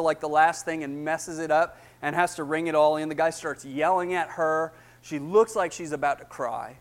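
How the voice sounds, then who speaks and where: A young man giving his testimony in a sermon, acting out the people in his story, excited at times and hushed at others. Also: on the high side. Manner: animated storytelling, acting out dialogue, rising excitement then hushed.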